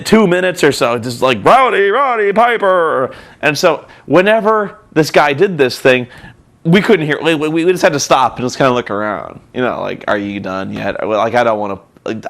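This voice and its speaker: A man's voice: medium pitch, lively intonation, a little fast, creaky. A man hosting a vlog, telling a rambling, profane, self-mocking story. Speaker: vlog host and reviewer.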